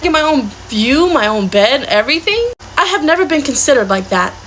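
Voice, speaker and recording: A woman putting on an entitled teenage girl in a comedy skit. She talks indignantly and fast, raising her pitch as she makes her claims. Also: very animated, fairly bright tone, a little hiss or hum, rough recording. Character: entitled teenage girl demanding the best room. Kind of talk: comedy skit role-play.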